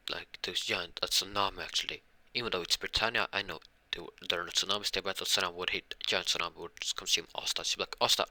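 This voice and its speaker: A man's voice: low voice, sharp tone, dry recording. A man improvising a fan-made story, rambling with frequent restarts and fillers. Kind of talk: improvised fan-fiction retelling.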